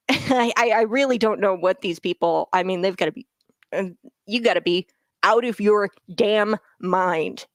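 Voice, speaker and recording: With a medium-pitched voice and a slightly slow delivery, a woman hosts a political talk show recorded without echo. She's a talk radio host whose opinionated commentary turns heated, with phrases repeated for emphasis.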